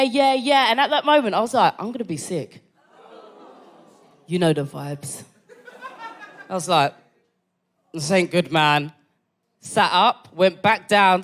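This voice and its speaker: A woman's voice: fairly high pitch, fairly bright tone. Brash woman telling stand-up stories. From London. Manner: brash storytelling, swearing, tags lines with "right?". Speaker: stand-up comedian. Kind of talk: stand-up set at a live comedy club. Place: comedy club stage before a live audience.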